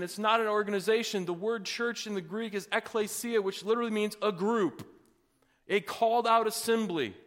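A man's voice: sits high, fairly bright tone, long reverb tail. A man pastor delivering a sermon with folksy asides, building to emphatic, rising passages.

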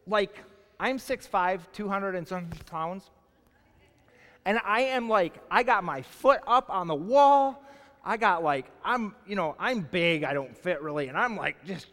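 A male pastor in his forties preaching a sermon, telling a personal story in an animated, casual way full of "like". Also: sits high. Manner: animated storytelling, colloquial, lots of "like". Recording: long hall reverb.

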